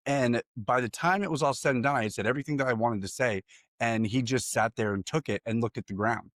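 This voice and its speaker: Regular-pitched guy, swears a ton, laughs while he tells his story, dry close mic. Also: quick pace, fairly bright tone, no room sound. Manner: candid, profane, laughs often while telling a story. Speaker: podcast co-host. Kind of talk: casual storytelling chat.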